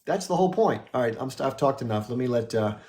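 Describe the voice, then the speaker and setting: A man's voice: mid-range voice, animated, fast, darkish tone. A man hosting a livestream, delivering a blunt, impassioned political monologue with frequent restarts and the odd curse. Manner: emphatic, blunt, swears, restarts often. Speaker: livestream host. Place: home livestream.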